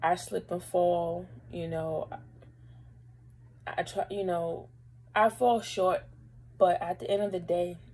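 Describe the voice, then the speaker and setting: Husky young woman telling a personal story. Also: on the low side, steady tone, slow pace, pauses often, mellow, rough recording. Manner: emotional, holding back tears; rambling, lots of fillers. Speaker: vlogger. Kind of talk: casual storytelling to camera.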